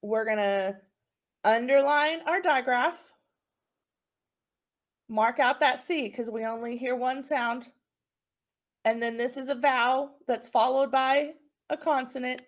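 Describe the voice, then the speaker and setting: A woman teacher giving a recorded phonics lesson to young children, encouraging them and sounding out words slowly. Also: high voice.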